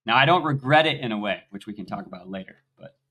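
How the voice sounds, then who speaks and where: Animated young man telling his story. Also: fast. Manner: animated storyteller, swings loud and high when excited. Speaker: podcast guest. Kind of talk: conversational interview.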